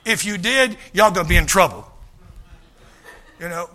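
A male pastor, preaching a folksy, animated sermon, often acting out quoted voices and repeating his starts. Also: high voice, moderate pace.

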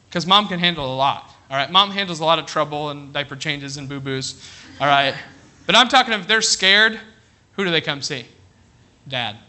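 Middle-aged preacher, man, lively sermon delivery, very bright tone. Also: fairly high pitch. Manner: animated preaching with frequent "all right?" check-ins. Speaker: pastor.

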